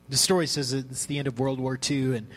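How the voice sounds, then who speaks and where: A man preaching a sermon in a conversational way, telling a story with hushed asides. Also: mid-range voice, little pitch movement, moderate pace, low-quality recording.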